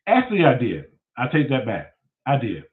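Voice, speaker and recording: A man's voice: medium pitch, wildly swooping pitch, normal speed. A man hosting his own show and telling a rambling, profane story in a casual monologue. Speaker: show host. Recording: tinny phone-like sound.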